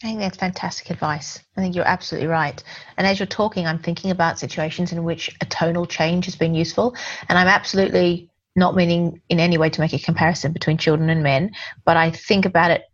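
A woman's voice: fairly low pitch, steady tone, quick pace, lo-fi sound. A woman co-hosting a casual chat, agreeing and adding her own examples.

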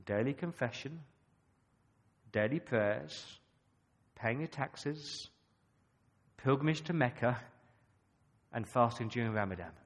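An Australian man preaching a sermon, emphatic and full of rhetorical questions, with dramatic pauses. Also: mid-range voice, lively intonation.

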